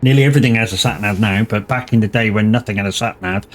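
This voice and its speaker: While playing a truck driving game on a live stream, a Plymouth man in his 40s banters with plenty of profanity and frequent laughter. He talks fast in a lowish voice.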